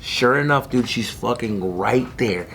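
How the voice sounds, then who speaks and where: A man telling a story in casual podcast chat, animated and profane, acting out other people's voices with sudden jumps in pitch. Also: measured pace, vocal fry, background noise.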